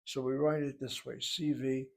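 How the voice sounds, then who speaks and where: Flat-toned man teaching Hebrew grammar. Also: medium pitch, moderate pace, gravelly. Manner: methodical, explains grammar step by step. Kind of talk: classroom lecture at a whiteboard.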